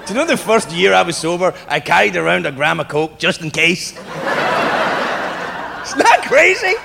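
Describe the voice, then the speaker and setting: A man telling a swearing, animated stand-up story on stage. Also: on the high side, fast, gravelly, noisy background. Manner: animated, swearing storyteller doing mock voices. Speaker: stand-up comedian. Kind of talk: stand-up set. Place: live comedy venue. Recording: echoey hall with loud crowd laughter.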